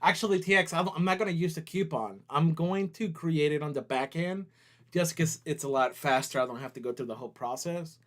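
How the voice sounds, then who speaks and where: A man's voice: on the high side, fairly quick, fairly bright tone. Chatty man hosting a livestream. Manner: chatty, laughs easily, talks to viewers while working on screen. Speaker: company CEO hosting a livestream. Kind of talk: casual livestream chat.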